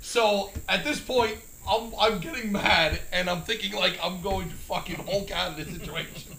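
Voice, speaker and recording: A man telling a firefighting training story in casual chat, swearing often and acting out quotes loudly. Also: high-pitched, normal speed, creaky, echoey room. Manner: profane, excitable, acts out quotes loudly.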